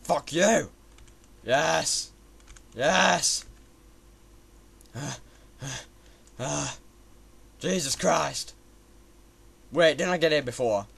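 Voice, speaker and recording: A young gamer narrates his own platformer run in frustration, cursing at the game constantly. His voice is a little high, gravelly and slightly rough, extremely slow with long pauses, over loud typing and keyboard clicks.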